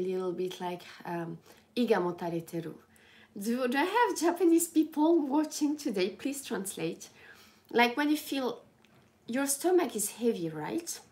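A young woman chatting casually to her viewers in a groggy morning voice, halting and restarting often. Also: medium pitch, a little mellow. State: sleepy morning voice. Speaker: lifestyle livestreamer.

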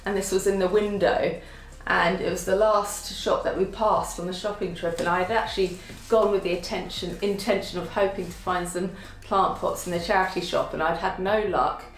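A woman chatting casually to camera about things she found for her home, self-deprecating and quick to laugh. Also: on the low side, steady tone, reverberant. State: out of breath from lifting. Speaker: vlogger showing a home haul. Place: at home, indoors.

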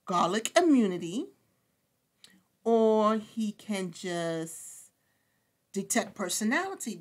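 A young woman hosting a let's-play video, chatting casually in slang and talking to her game characters. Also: lowish voice. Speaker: gaming channel host.

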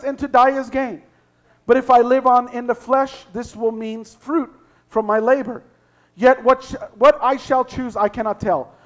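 Pastor, male, very high pitch; reads verses then preaches hard, shouting at peaks. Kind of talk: sermon. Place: church sanctuary.

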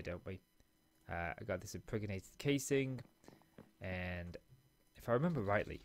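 A man in a small home office, chatting casually and rambling with self-mocking asides while he plays and comments on a game. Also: fairly low pitch. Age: adult, father of a school-age daughter. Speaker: let's play host.

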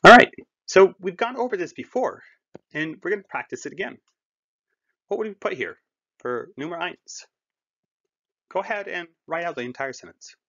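A man teaching a German lesson to learners, explaining words slowly and patiently in a friendly, encouraging way. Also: high-pitched, animated, bright, forceful tone, muffled recording. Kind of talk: recorded language lesson.

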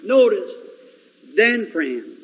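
A man preaching a sermon in a large church, storytelling dramatically with sudden swings between loud and hushed delivery. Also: high-pitched, big pitch swings, drawn-out words. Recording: lo-fi 1950s reel recording, long hall reverb.

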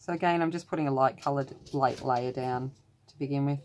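A woman's voice: extremely low pitch, a little fast, a little mellow, a little hiss or hum. An Australian woman hosting her own colouring channel, chatting casually as she works, wandering into rambling, self-deprecating asides, from a room at home. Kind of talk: casual tutorial chat while colouring. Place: room at home with the door closed.

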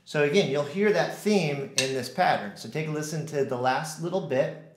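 A man's voice: a little high, moderate pace, echoey room. Man, drum teacher, counts stickings aloud, ringing room, light background hiss. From United States. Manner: counts out stickings and hums rhythms. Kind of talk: casual instructional talk.

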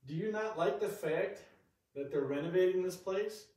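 A man investigating the paranormal who gently coaxes spirits to answer in old rooms under renovation. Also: high-pitched, normal speed. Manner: coaxing, gently invites spirits to respond. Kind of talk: ghost-hunting vlog chatter. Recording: echoey room, mic at a distance.

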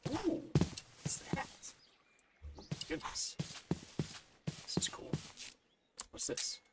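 A man's voice: drawn-out words, whispered. A man narrating his own gameplay, exasperated and muttering to himself, with sudden panicked yelps. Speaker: gaming video creator. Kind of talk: let's play commentary. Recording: distant mic with loud background noise.

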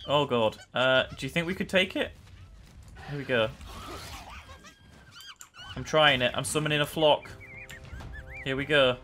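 Excitable young man narrating his gameplay. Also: mid-range voice, a little slow, pauses often. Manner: chatty, excitable, often laughing and yelling at the game. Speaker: gameplay commentator. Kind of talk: casual let's-play commentary.

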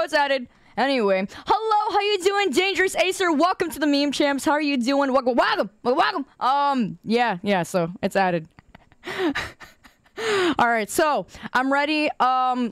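A woman's voice: fairly high pitch, clean tone, no echo, clean studio sound. A woman game streamer chatting casually with her viewers, goofy and rambling, poking fun at herself and laughing often. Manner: goofy, rambling, self-mocking.

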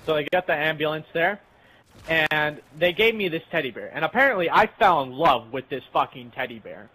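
A man's voice: on the high side, animated, a little fast, pushed and bright, slight background noise, poor audio. A young man casually telling a rambling, profane story while playing a game with friends. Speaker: channel host.

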